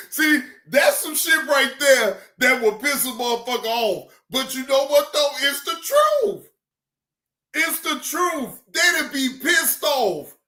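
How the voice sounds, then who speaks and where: A man doing loud, profane reaction commentary, laughing a lot and repeating himself. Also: very high-pitched, echoey room. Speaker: reaction streamer.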